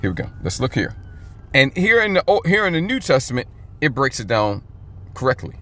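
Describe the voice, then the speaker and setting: A man teaching from the Bible in an informal, emphatic way, often checking in with "okay?" and reading verses slowly and drawn out. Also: mid-range voice, very animated, sharp tone. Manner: reads scripture aloud slowly and stretched out.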